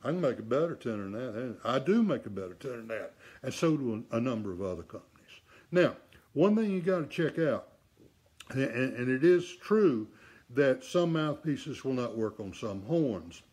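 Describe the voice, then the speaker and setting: Middle-aged man, mid-pitched, blunt and emphatic, casual instructional demo. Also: very animated, normal speed, a little mellow, breathy edge. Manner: blunt, emphatic, rhetorical asides. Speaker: saxophone repair instructor. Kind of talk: casual demonstration lesson.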